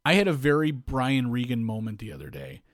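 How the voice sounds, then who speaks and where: A man's voice: mid-range voice, brisk, dry recording, studio quality. A man in his thirties co-hosting a casual comedy podcast, telling a story and acting out the people in it. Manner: animated storyteller, acts out quoted voices. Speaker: podcast co-host.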